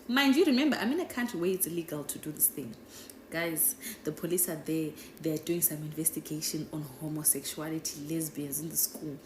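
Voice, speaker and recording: A young woman with a low voice tells a rambling storytime, chatty and animated. She keeps tossing "right?" and "guys" at her listeners. Her voice bounces off an echoey room, with a faint hiss underneath. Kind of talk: casual storytime.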